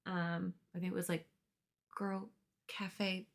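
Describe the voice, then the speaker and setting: A woman's voice: lowish voice, level tone, slow pace, creaky. A young woman co-hosting a reaction video, chatting casually, laughing often and explaining the plan. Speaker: reaction channel co-host.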